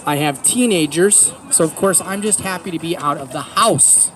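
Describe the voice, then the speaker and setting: A man in his forties doing a stand-up comedy set outdoors in a park, telling stories deadpan with self-mocking punchlines. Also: a little high, normal speed. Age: 40s. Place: outdoors in a city park under a tree.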